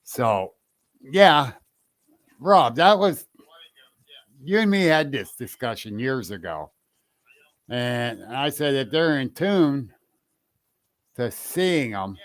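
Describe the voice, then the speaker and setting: A man hosting a casual interview, relaxed, reading out listener questions and adding his own view. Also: medium pitch, slow, long pauses, no room sound. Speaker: host.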